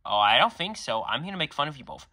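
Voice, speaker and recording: A man's voice: a little high, very animated, fast talker, sharp tone, exaggerated voice. A man voicing a bratty young girl who taunts others and whines when caught. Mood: taunting.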